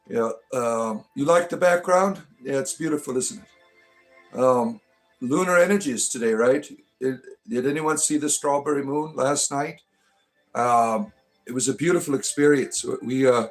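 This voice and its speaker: A man hosting a casual livestream, greeting viewers in a rambling, chatty way, often tagging on "right?" and swearing casually. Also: mid-range voice. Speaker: livestream host, self-styled bard.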